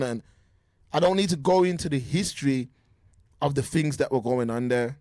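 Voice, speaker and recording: A man co-hosting a casual sports podcast over a remote call, animated and full of restarts. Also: medium pitch, dry recording, studio quality. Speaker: podcast co-host. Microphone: remote call mic.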